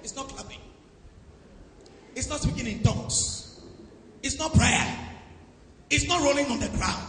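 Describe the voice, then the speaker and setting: A man from Nigeria preaching a sermon as pastor, questioning his congregation and answering back, shifting between shouted declarations and quiet asides. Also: very high voice, lively intonation, a little fast, long pauses. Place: large church hall. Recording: echoey hall with some background noise.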